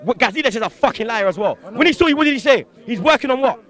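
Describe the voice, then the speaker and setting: A man's voice: very high-pitched, animated, quick pace, a bit bright. A young man, a football fan ranting outdoors after a match, heated and full of slang and swearing. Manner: heated, swearing, slang-heavy, rhetorical questions. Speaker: fan interviewee. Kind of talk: angry post-match fan rant.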